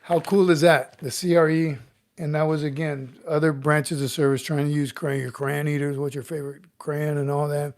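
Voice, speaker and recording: A man's voice: fairly high pitch, flat delivery, normal speed, a little mellow, dry recording, clean studio sound. A middle-aged man hosting a casual livestream, chatting easily, chuckling and greeting viewers by name. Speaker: livestream host, retired Marine sergeant major. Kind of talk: casual livestream chat reading comments.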